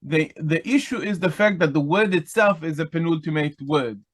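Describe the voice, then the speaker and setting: A man teaching biblical Hebrew in an online lesson, explaining slowly with many pauses and fillers. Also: a little high. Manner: chants Hebrew text quickly.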